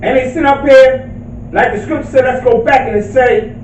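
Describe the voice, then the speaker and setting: A man preaching a sermon, reading scripture and building to impassioned shouts. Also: very high voice, steady tone, fairly quick, echoey room, distant mic, slight background noise, poor audio. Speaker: street preacher.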